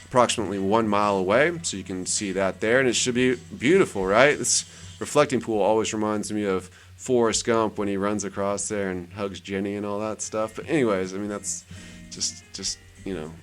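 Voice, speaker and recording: A man's voice: fairly low pitch, brisk, faint music behind. Chatty man rambling over a screen share. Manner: chatty, rambling, repeats words for emphasis. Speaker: channel host. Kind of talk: casual screen-share commentary.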